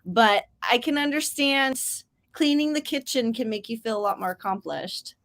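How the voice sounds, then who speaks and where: A woman hosts a relaxed writing livestream, chatty and upbeat. Her voice sits a little high, and she reads viewer comments aloud as she talks. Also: normal speed. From grew up near Mexico. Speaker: host of writing sprint livestream. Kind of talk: casual livestream chat.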